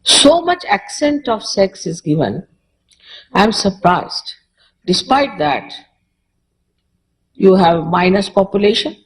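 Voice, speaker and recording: An Indian woman with an Indian accent gives a public lecture as a spiritual teacher, speaking conversationally and repeating short phrases for emphasis. Her medium-pitched voice swings widely in pitch at a slow pace with long pauses, and the recording quality is low.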